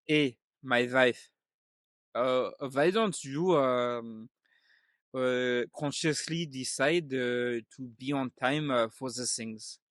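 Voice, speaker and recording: A man voicing an exasperated middle-aged father with a put-on French accent, halting and stammering as he lectures. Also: mid-range voice, a bit bright, dry recording, clean studio sound. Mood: lecturing.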